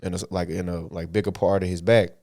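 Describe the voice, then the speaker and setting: A young man on a podcast, telling a story in a casual, animated way, laughing often and using heavy slang and profanity. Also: deep voice, fast talker, no room sound, clean studio sound. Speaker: podcast co-host.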